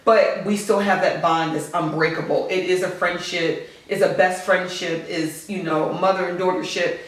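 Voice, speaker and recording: A woman in her forties, a guest on a casual podcast, speaks as a mother in a heartfelt, earnest and outspoken way. Her voice is lowish and steady at a moderate pace, recorded in an echoey room on a distant mic.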